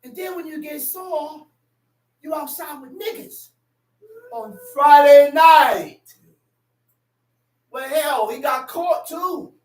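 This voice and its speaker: A woman preaching a sermon with a fiery, shouting, dramatic delivery. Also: high-pitched, measured pace. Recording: echoey room from a distant mic.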